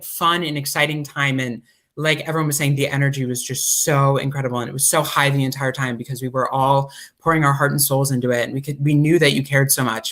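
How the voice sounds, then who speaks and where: A man, a cast member, earnestly recalling rehearsals in a casual group chat. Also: mid-range voice. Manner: earnest, quotes others in animated voices.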